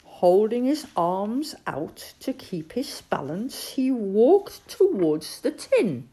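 Woman reading a kids' story, slow and lively, mellow low voice. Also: husky.

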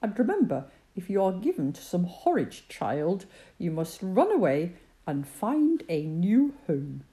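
A woman voicing a gruff, blunt fat teddy bear in a storybook reading, low and brusque. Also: sing-song, unhurried, mellow. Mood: bossy.

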